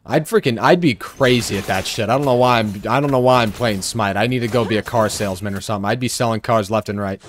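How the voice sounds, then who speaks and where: A man's voice: on the low side, quick pace, hardly any pauses. A young man giving casual, sarcastic gameplay commentary, joking and trash-talking his teammates. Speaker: gaming streamer.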